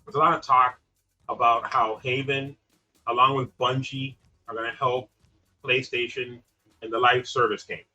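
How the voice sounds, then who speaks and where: A man co-hosting a casual gaming podcast, wry and joking, his volume swinging between loud and soft. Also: medium pitch, level tone, moderate pace. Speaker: podcast co-host, gaming specialist. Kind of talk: casual chat. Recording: dull lo-fi sound with faint music.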